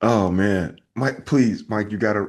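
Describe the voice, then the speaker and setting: A man's voice: lowish voice, a little slow, darkish tone. A man from Alabama co-hosting a podcast, chiming in with enthusiastic agreement. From Alabama, USA. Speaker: podcast co-host. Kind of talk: casual podcast chat.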